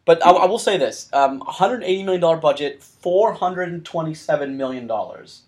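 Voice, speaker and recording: Male podcast host, slightly high voice, rambling storyteller who restarts sentences a lot, casual chat. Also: animated, normal speed.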